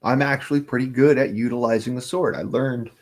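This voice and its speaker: A man's voice: medium pitch, fairly even intonation, fairly quick. Man rambling and swearing on a livestream. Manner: profane, rambling, swears often. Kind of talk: casual rambling livestream talk.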